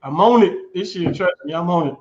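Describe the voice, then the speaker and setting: Midwest guy cohosting a chat, fairly high voice, echoey muffled room. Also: fairly quick, crowd noise. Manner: animated storytelling, repeats himself, laughs. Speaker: podcast co-host. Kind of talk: casual chat.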